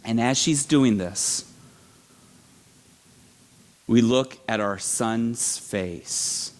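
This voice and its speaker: A middle-aged man preaching a sermon as a pastor, telling a family story in an animated way and acting out other people's voices. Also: mid-range voice, extremely slow.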